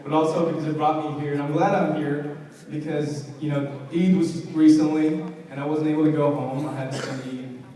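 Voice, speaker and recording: A young man performing conversational, self-deprecating stand-up comedy with halting fillers at a live show. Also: fairly high pitch, steady tone, warm tone. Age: young adult. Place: large hall, live show. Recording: echoey hall from far off.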